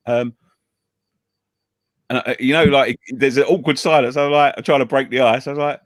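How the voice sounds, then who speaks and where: Bloke telling a story on a fan show, lots of swearing and stammering, very lively voice, dry sound. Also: male voice, fairly high pitch, brisk, long pauses, no room sound. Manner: animated storyteller, stammers and repeats words, swears freely; acts out other people's lines in a raised voice. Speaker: show co-host. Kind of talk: casual pub-style chat, telling a story.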